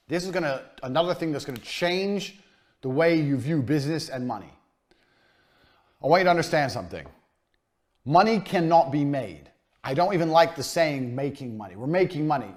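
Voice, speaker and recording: A business coach delivers a recorded lesson in a mid-range voice, blunt and emphatic and swearing freely. His voice often trails off quieter at the ends of lines.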